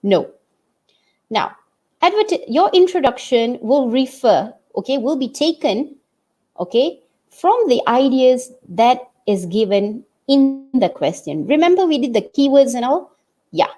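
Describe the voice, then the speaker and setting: A woman's voice: high-pitched, big pitch swings, a little slow, warm tone. A woman from Malaysia teaching English writing online, explaining step by step and checking in with "okay?" as she goes.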